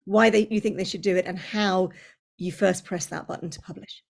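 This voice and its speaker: A woman hosts an author talk and asks her guest questions. Her voice sits at a middle pitch, and she talks in a chatty way, laughing along with the answers. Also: fairly even intonation, a little fast, gravelly. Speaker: host of an online talk club. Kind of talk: interviewer questions.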